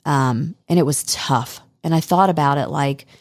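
A woman's voice: low-pitched, moderate pace, no echo, clean studio sound. A woman chatting casually on a podcast, reminiscing about a friend with many fillers and restarts.

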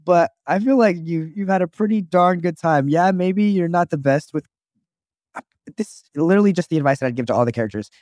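A man's voice: fairly high pitch, animated, brisk, darkish tone, no room sound, clean studio sound. Rambling young man, podcast co-host. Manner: rambling, restarts often, says "like" a lot. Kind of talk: casual podcast chat.

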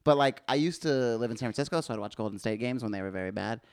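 A man co-hosting a casual sports podcast, talking in an animated, chatty way and laughing often. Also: mid-range voice, quick pace, smooth. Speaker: podcast co-host.

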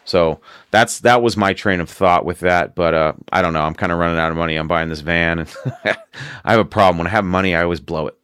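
A man's voice: deep voice, fast talker, fairly bright tone, clear, resonant tone, dry recording, clean studio sound. A man hosting a casual podcast, telling a long story in a rambling way and laughing often. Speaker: podcast host.

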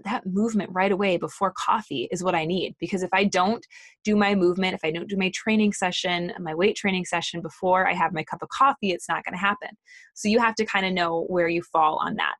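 A woman's voice: on the low side, a bit bright, no echo. Chatty woman fitness trainer, dry sound. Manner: chatty, lots of fillers and asides. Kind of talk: casual motivational talk.

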